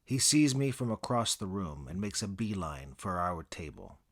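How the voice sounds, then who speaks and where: A man narrating a comic first-person story in a dry, deadpan, boastful manner. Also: low-pitched, normal speed.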